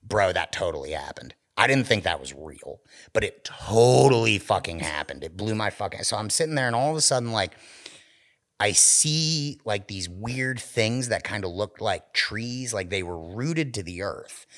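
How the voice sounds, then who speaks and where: A man's voice: fairly low pitch, moderate pace. A man, a podcast co-host, telling a story in casual chat, swearing a lot and acting out the voices of the people in it. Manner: animated, profane storytelling with acted quotes.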